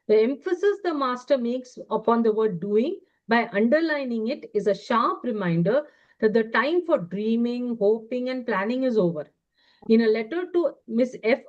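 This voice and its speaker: A woman leads a study class, reading passages aloud and then explaining them at a measured pace. Her voice sits fairly high, and she pauses often on fillers. The recording is dull and lo-fi. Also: darkish tone.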